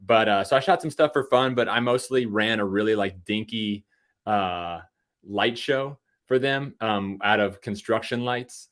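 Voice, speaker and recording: A man's voice: fairly low pitch, unhurried, fairly bright tone. A man in his thirties from Virginia, a podcast guest chatting casually with self-deprecating jokes and lots of fillers. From Virginia, USA. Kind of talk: casual interview chat.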